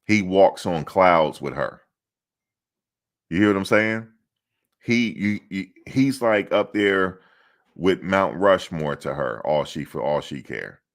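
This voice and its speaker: A man hosting casual sports talk, rambling and animated, often quoting others in his own voice. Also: deep voice, slow. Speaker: sports commentary host.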